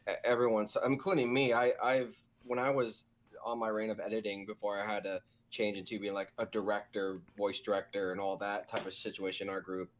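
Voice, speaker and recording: A man's voice: fairly low pitch, level tone, a little fast, a little hiss or hum. A man who voice-directs abridged series, talking thoughtfully in a casual podcast chat with many restarts.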